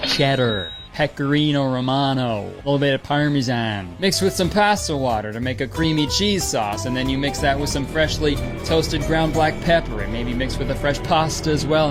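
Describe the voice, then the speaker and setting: A man's voice: a little high, a little fast, few pauses, music in the background. A young man giving sarcastic, self-deprecating comedic commentary, swearing often. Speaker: comedy YouTuber.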